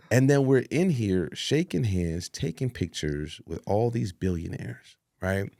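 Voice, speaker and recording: A man telling an animated story in a sit-down interview, acting out what people said and laughing along. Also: lowish voice, a little slow, vocal fry, hardly any pauses, no room sound, clean studio sound. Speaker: executive producer.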